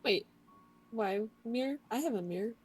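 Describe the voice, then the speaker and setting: A woman playing a tabletop game, asking quick, animated questions. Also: a little high, slightly rough, faint music behind. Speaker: player. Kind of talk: casual tabletop game chat.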